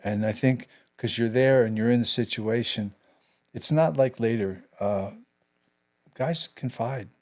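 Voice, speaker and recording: An older man telling a personal story in an interview, halting and reflective, his voice trailing off into quiet asides. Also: medium pitch. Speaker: guest, veteran actor and writer.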